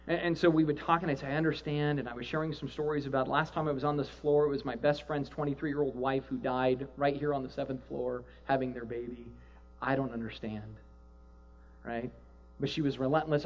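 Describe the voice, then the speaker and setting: A man with a notably high voice preaches to his church, telling a personal story in a sermon. He drops to a hushed, slow delivery for the sad parts and rises to loud, excited exclaiming for the happy ones. The recording is dull and lo-fi. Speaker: pastor.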